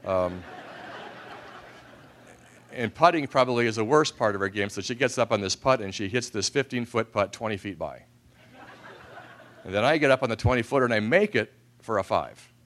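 A man with a fairly low voice tells funny stories to a live audience. He pokes fun at himself and slips into quick impressions of the people in his anecdotes. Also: animated, fairly bright tone. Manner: self-deprecating, acts out voices in anecdotes. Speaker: speaker at an event. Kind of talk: humorous storytelling speech to an audience.

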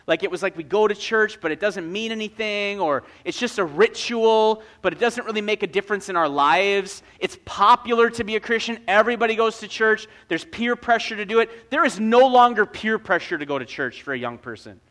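A man's voice: sits high, fairly quick, few pauses, fairly bright tone. A man preaching a sermon, telling stories with energy and casual, joking asides.

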